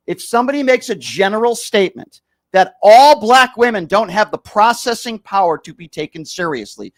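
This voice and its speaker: This male host's voice is high-pitched and fairly bright. Locked in a heated argument with a caller, he turns combative and insists on repeating the same question over and over.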